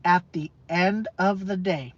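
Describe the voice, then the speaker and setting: A woman's voice: lowish voice, steady tone, slightly rough, dry recording. A woman vlogger in an emotional, emphatic rant to her camera, repeating herself, swearing and stumbling over fillers. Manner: emphatic, repetitive, profane, halting with fillers. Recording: dull lo-fi dry sound.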